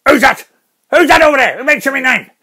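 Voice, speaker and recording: Man impersonating a bragging older fighter dad, gravelly and husky, high and bright, quick to blow up. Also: lively intonation, slight background noise, exaggerated voice. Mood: shouting. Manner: boastful, gets loud and worked up. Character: hot-headed older boxing dad, boastful brawler.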